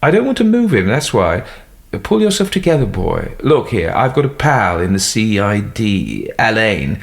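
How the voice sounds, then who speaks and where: A man's voice: fairly low pitch, sing-song, normal speed, creaky, pitched above the performer's own voice. A man reading an audiobook, voicing a brusque, no-nonsense middle-aged male doctor. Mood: firm.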